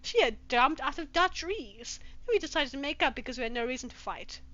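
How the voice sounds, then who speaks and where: A woman with a high-pitched voice that swings widely, reading fanfiction aloud as a comedy bit. She mocks the story in a profane, exasperated way and keeps it sarcastic and sharp. The recording sounds slightly dull and lo-fi. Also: expressive, a little fast. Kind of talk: comedic dramatic reading with commentary.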